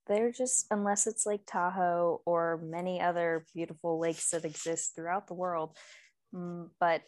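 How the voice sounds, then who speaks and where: A young woman co-hosting a casual podcast chat, talking quickly with lots of fillers and laughing easily. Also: lowish voice, fairly even intonation, a little mellow, dry recording. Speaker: podcast co-host.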